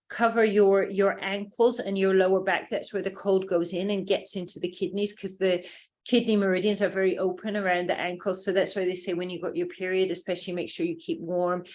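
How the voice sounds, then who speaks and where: A woman from England with a British accent, leading a group lesson and explaining in a loose, rambling way with many fillers. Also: fairly low pitch. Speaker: workshop teacher.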